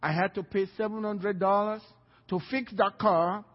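A husky, fairly high-pitched man preaches a sermon as a pastor, telling a story and acting out each exchange of dialogue. He often repeats himself as he goes. His voice carries a long church-hall reverb on a dull recording. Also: fairly even intonation, normal speed. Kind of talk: sermon testimony.

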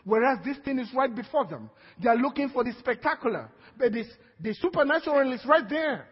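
Male pastor with a Nigerian accent, high and husky, emphatic call-and-response preaching; lo-fi church recording. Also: lively intonation, a little fast. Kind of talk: sermon. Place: church hall. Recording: dull lo-fi sound with long hall reverb.

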